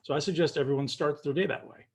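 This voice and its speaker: A man guest on a video call, calmly guiding listeners through a breathing practice and addressing them directly. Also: on the high side, fast, slightly rough. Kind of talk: coaching instruction.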